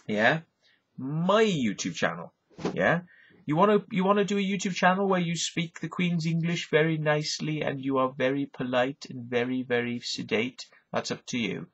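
Middle-aged Welsh man, husky combative ranter, dull lo-fi vlog audio, swears constantly. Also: mid-range voice, normal speed, a bit bright. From Wales. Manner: sweary, combative, repeats "right?" and "yeah?". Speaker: YouTube vlogger. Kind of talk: profane ranting monologue. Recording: dull lo-fi recording.

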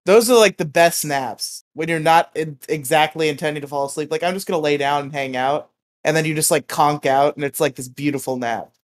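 A man's voice: a little high, fairly even intonation, brisk. A man co-hosting a podcast, telling rambling stories with laughs and swearing. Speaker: podcast co-host. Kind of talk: casual podcast chat.

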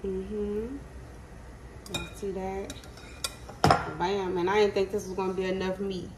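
Woman cooking and talking to her viewers, slow and easy, roomy kitchen sound on a phone. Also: medium pitch, little pitch movement, very noisy. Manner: chatty, talks to viewers as "y'all", hums while cooking. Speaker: cooking vlogger. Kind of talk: casual cooking vlog talk. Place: home kitchen.

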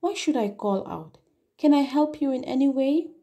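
A woman reading a calm kindly bishop. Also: high-pitched, normal speed, pitched above the performer's own voice. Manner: calm, reassuring, unafraid. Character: kindly old male bishop, calm and gentle.

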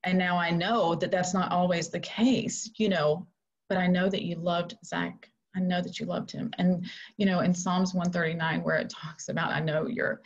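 A middle-aged woman shares a personal story of faith as a podcast guest, earnest and halting. Her voice is low and husky. The audio is dull and lo-fi. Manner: earnest, halting, many fillers. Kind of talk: emotional personal testimony.

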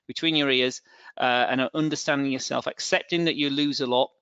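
A middle-aged man with a northern English accent talks through a live online trading lesson, his voice gravelly at the bottom. He stumbles on fillers and restarts his sentences often. The sound is dull and lo-fi, dry with no room to it. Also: medium pitch, steady tone, fairly quick, bright, forceful tone, dry recording. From England. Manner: hesitant, filler-heavy, many restarts. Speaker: trading webinar presenter. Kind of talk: live webinar presentation. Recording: dull, dry, lo-fi webinar audio.

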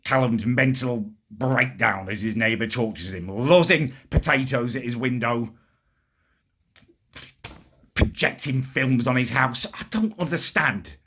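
A man's voice: mid-range voice, measured pace, fairly bright tone, slightly rough. A young man telling a vlog story about his neighbour in an exasperated, sweary way. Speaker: vlogger.

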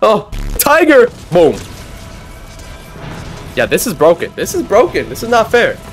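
A young man narrating his gameplay in a loud, excitable, trash-talking way, full of slang. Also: high voice, unhurried. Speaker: gaming video creator. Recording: game music underneath.

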